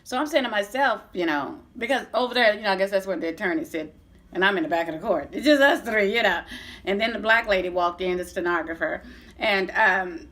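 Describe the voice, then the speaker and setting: Speaking fairly quickly in a medium-pitched, slightly bright voice, a middle-aged vlogger recounts a lengthy personal tale on camera. She's frank and talkative, swears a lot, and keeps starting sentences over.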